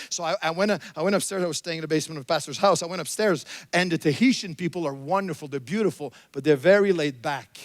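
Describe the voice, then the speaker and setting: Middle-aged male pastor, high-pitched, fiery sermon delivery, dry close sound. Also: fast talker, no room sound. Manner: emphatic preaching, swings from soft storytelling to shouted exhortation. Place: church sanctuary.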